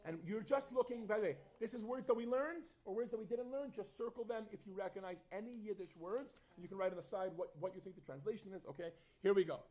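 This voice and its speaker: A man teaching a Yiddish class in a classroom, lively and quizzing his students as he reads and explains phrases. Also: sits high, fast, few pauses. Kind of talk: classroom lesson.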